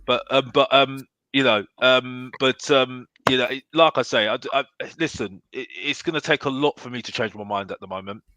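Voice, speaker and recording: A man talking casually about football, animated and constantly tacking on "yeah?". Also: medium pitch, moderate pace, hardly any pauses, no echo. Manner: animated, keeps adding "yeah?". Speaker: football podcast guest. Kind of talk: casual chat.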